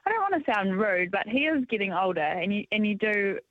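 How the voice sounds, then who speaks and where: A woman's voice: medium pitch, lively intonation, brisk, no echo. A woman talking casually on radio as a motorcycle racing pundit, enthusiastic and often filling with ums and yeahs. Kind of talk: casual radio sports chat. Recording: dull, dry lo-fi line.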